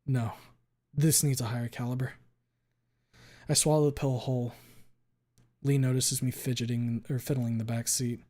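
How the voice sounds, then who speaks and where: A man streaming a first-person story reading, dramatic and expressive, with sudden loud outbursts. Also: medium pitch, normal speed, long pauses.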